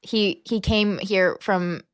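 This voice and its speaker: A woman's voice: medium pitch, steady tone, takes it slowly, smooth, no echo, clean studio sound. A young American woman as a podcast guest, earnest and thoughtful, laughing easily. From United States. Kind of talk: casual interview chat.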